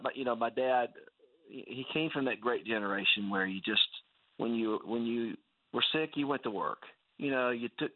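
A man's voice: medium pitch, no echo. A man telling an earnest personal story as a guest, talking casually with many restarts. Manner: earnest, full of fillers and restarts. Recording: tinny phone-like line.

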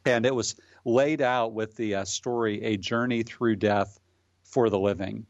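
A man speaking as a radio guest, explaining his views thoughtfully with frequent pauses. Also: fairly low pitch, fairly even intonation, no echo, highs cut off. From Michigan. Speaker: guest commentator. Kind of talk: radio interview.

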